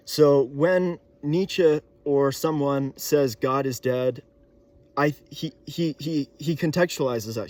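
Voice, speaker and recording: A young man thinking aloud in a casual monologue, pausing with fillers and restarting sentences often. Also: medium pitch, a little mellow.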